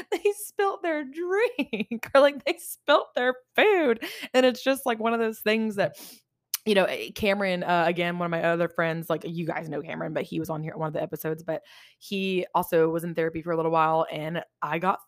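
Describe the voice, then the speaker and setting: A woman's voice: low-pitched, dry recording, studio quality. A young adult woman hosting a solo podcast, chatting candidly, swearing often and laughing easily. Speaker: podcast host. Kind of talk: casual solo podcast chat.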